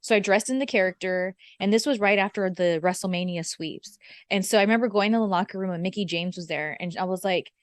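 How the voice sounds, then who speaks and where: A woman guest in an interview, telling stories in a lively, animated way and acting out the quotes. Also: quick pace, no room sound, clean studio sound. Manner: animated, acts out quotes with big pitch jumps. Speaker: guest, former wrestler. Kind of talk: casual interview storytelling.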